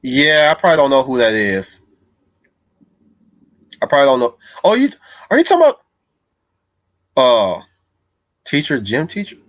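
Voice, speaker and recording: A livestream host reads his chat aloud and rambles casually, thinking out loud as he drifts through answers to viewers' comments. His medium-pitched voice is very animated and a bit bright, moving at a moderate pace with frequent pauses. The recording is dry, from a slightly dull lo-fi mic.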